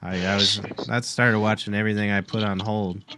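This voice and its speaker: A man co-hosting a casual podcast chat over a video call, crude and jokey, sometimes dropping into loud mock voices. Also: lowish voice, little pitch movement, fairly quick, noisy background. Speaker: podcast co-host.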